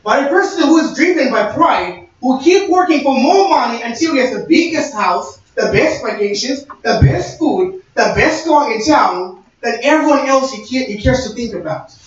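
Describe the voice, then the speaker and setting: High-voiced young man preaching in an echoey room. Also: lively intonation, moderate pace. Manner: conversational, storytelling with quoted dialogue. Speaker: speaker. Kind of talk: sermon-style talk. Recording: echoey, distant, dull-sounding room recording.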